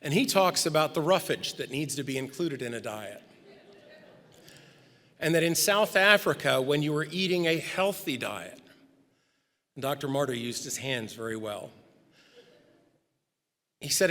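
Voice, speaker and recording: A middle-aged man giving a memorial tribute in a large church sanctuary, telling gently humorous stories about the departed. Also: medium pitch, a little slow, long pauses. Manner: anecdotal, gently humorous storytelling. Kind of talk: eulogy storytelling. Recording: long reverb in a church hall.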